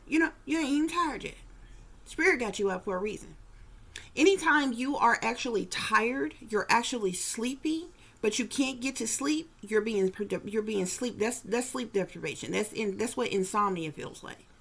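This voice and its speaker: A woman gives viewers a psychic reading in blunt, profane, rambling casual talk, repeating "you know what I'm saying." Her mid-range voice is fairly bright, with vocal fry.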